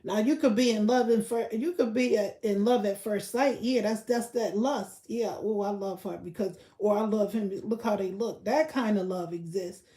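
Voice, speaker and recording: A woman rants on a livestream and talks straight to her chat, blunt and profane. Her voice sits a little high but has a mellow, soft edge. The room around her is echoey. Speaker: livestream host. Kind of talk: casual livestream rant.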